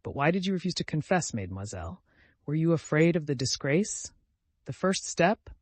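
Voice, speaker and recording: A man voicing a pompous, self-righteous gentleman who speaks formally and condescendingly. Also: a little high, sing-song, moderate pace, dry recording.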